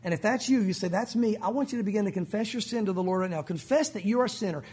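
A man's voice: sits high, rapid-fire, a little mellow. A male pastor preaching a sermon at a church service, urgent and emphatic.

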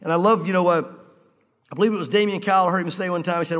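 A man preaching a sermon as pastor, slowing down to read scripture and then explaining it in casual, conversational asides. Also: high-pitched, fairly even intonation, fairly bright tone, big-room sound. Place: church sanctuary.

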